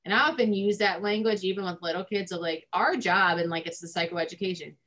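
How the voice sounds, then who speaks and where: Chatty woman therapist, low voice. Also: steady tone, brisk, fairly bright tone. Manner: informal, many fillers like "um" and "like". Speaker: family therapist. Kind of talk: casual explanatory chat.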